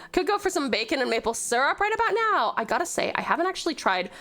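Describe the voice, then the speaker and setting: A woman's voice: high-pitched, very animated, fast talker, bright, forceful tone, soft background music. A woman from Tasmania, streaming a game, gushing over her chat with pet names and swearing freely. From Tasmania, Australia. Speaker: VTuber streamer.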